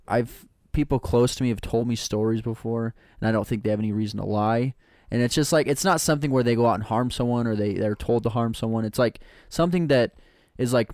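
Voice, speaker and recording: A man's voice: medium pitch, darkish tone, no echo, studio quality. A man co-hosting a podcast, talking in a hesitant casual chat. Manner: hesitant, many fillers and restarts.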